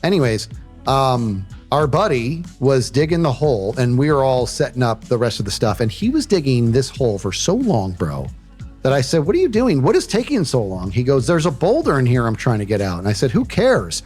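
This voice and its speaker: A man telling a story on a livestream in a casual, animated way, often saying "dude" and acting out what people said. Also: medium pitch, a little fast, soft background music. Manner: animated, says "dude" and "bro" often, acts out quotes.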